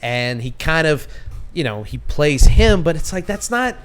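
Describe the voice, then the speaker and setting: A man's voice: fairly high pitch, sing-song, measured pace, fairly bright tone. A man co-hosting a podcast, a few beers in, rambling in casual chat with many restarts and frequent laughter. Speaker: podcast co-host.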